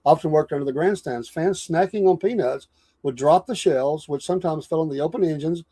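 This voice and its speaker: A man's voice: a little high, brisk, dark tone. A man hosting a casual interview, effusive as he thanks and praises his guests. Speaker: interview host.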